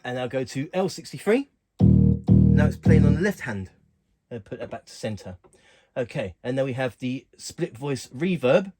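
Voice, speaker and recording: A man casually walking through keyboard functions in a relaxed, plain way, talking while he presses buttons. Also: mid-range voice, normal speed, creaky, faint music behind. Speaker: keyboard tutorial host. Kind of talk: casual instructional walkthrough.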